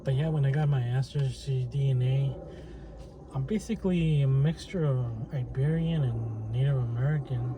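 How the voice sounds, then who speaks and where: A man's voice: mid-range voice, normal speed. A man talking to camera in a casual rambling monologue, hesitant, with many restarts and fillers. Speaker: channel host. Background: faint plane and traffic noise.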